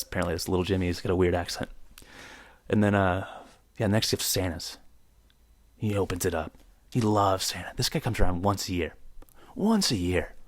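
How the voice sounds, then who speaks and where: A man's voice: lowish voice, no room sound. A young man hosting his own podcast in a joking, rambling rant, mock-outraged, close to the mic. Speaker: podcast host. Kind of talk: solo comedic podcast rant.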